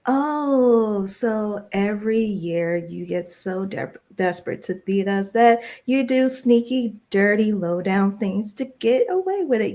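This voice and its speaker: A woman takes her turn as a player in a tabletop role-play game. She talks casually and chattily, breaking into laughter now and then, at an ordinary pitch. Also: animated, a little slow, few pauses, darkish tone.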